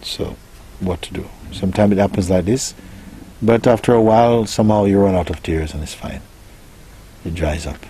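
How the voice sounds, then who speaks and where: Soft-spoken deep-voiced spiritual teacher. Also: male voice, slightly rough. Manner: soft-spoken, unhurried, gently musing with pauses. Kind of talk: spiritual talk answering a question.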